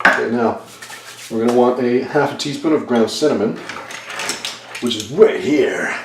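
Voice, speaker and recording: A man's voice: medium pitch, moderate pace, heavy background noise. A man chatting casually and rambling while he bakes at home, poking fun at himself as he works. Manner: self-deprecating, rambling, talks while working. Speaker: home cook filming a baking video. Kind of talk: casual talk while cooking. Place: home kitchen. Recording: echoey kitchen, distant camera mic.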